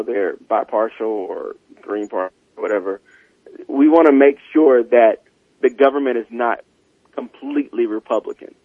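A man's voice: medium pitch, husky, dry recording, phone-quality sound. A man from South Carolina co-hosting a radio show, talking earnestly and pleading with listeners.

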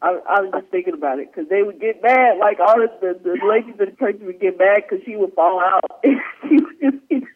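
A high-voiced man chats on a radio show, rambling through stories and breaking into laughter. The sound is thin and phone-like. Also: brisk, hardly any pauses. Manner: rambling, laughing, playful storytelling. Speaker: radio co-host. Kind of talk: joking radio chat. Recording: tinny phone-like radio audio.

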